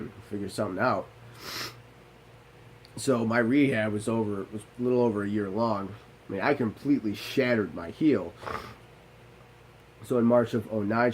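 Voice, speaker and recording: A man's voice: fairly low pitch, a little mellow, a little hiss or hum, low-quality recording. A young man, a Navy veteran, telling his own story in a candid monologue. He talks bluntly, swears freely and often restarts his sentences.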